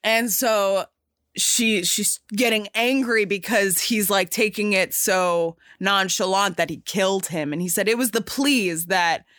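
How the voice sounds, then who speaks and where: A young woman retells a film in a lively, slangy way, laughing often and filling gaps with "uh" and "like." Her voice is bright and sharp. The recording is dry and close, with no room echo. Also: mid-range voice, unhurried. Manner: animated, slangy, laughs often, many fillers. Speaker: movie fan recapping a film. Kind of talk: casual storytelling chat.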